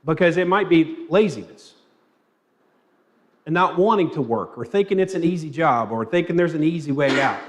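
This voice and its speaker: Higher-voiced man teaching a Bible class. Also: lively intonation, normal speed. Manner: asks the class questions, tells anecdotes with light humor. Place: church classroom.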